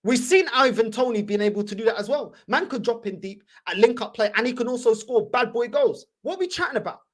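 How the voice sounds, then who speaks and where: A woman's voice: a little high, animated, fast talker. A woman hosting a fan channel, ranting heatedly in slangy, repetitive reaction commentary.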